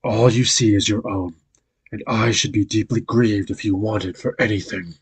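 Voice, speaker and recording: Gruff, melancholy male beast in a storybook, as a male reader voices him; low and raspy, awkwardly polite. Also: fairly even intonation, normal speed.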